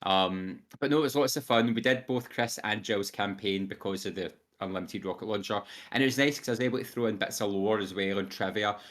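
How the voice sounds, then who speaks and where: Chatty young man with a low voice. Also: brisk, hardly any pauses, fairly bright tone. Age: young adult. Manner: enthusiastic, rambling with fillers, quotes voices animatedly. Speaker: podcast co-host. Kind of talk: casual chat.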